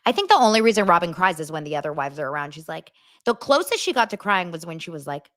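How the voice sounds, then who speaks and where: A young adult woman dishes celebrity gossip in a casual, over-the-top way, her rather low voice swinging up and down with lively pitch. Her reactions are big and dramatic. The sound is close and dry, with no room echo. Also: quick pace. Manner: gushing, dramatic, exaggerated reactions. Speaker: celebrity gossip show host.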